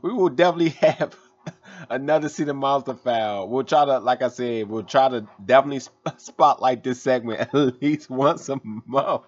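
A man's voice: medium pitch, normal speed, few pauses. A man hosting a podcast, rambling casually through plans and plugs. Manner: relaxed, rambling with fillers. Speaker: podcast host. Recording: dull lo-fi audio.

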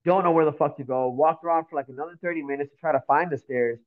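Miami dude telling a wild story on a podcast, swears a lot, slangy, sounds tinny like a phone. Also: male voice, fairly high pitch, fast. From Miami, Florida. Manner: animated, profane, slangy storytelling. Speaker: podcast guest, graffiti artist. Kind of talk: casual storytelling.

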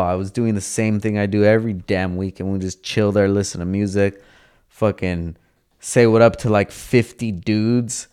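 A man's voice: fairly low pitch, steady tone, a little slow, smooth. Laid-back, profane young man telling a story. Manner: profane, laid-back, slangy, acts out quoted dialogue. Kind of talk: casual storytelling.

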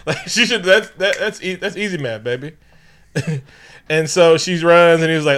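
A man's voice: fairly high pitch, moderate pace, fairly bright tone. Podcast co-host, man, loose comic storytelling, lots of laughing. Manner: laughs often, acts out characters in slangy voices. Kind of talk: casual comedic movie recap.

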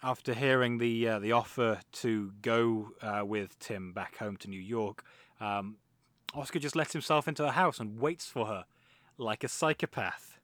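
A man, co-hosting a casual podcast and talking through a film with animated, mocking asides. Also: medium pitch, unhurried, no echo. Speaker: podcast co-host.

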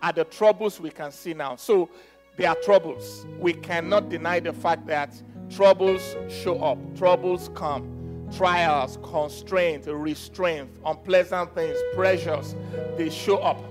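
A man preaching a sermon as pastor, repeating phrases, leading the congregation in declarations and swinging from soft teaching to loud exhortation. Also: on the high side, steady tone, slow pace, over music. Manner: repeats phrases and leads call-and-response declarations.

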